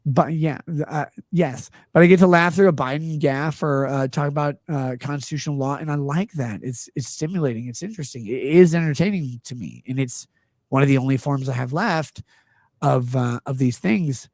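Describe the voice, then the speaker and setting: A man's voice: mid-range voice, normal speed, darkish tone, no room sound, studio quality. A man in his thirties hosting a casual live-stream chat, earnestly and defensively explaining himself at length. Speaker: show host.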